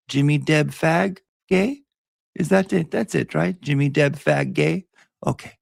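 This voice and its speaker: A man's voice: on the high side, vocal fry, a little mellow, slightly rough, no room sound, exaggerated voice. A man voicing a hostile woman from abroad who insults people while insisting she is being respectful, in a sneering, condescending manner. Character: nasty foreign woman, fake-polite bully. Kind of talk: storytelling impression.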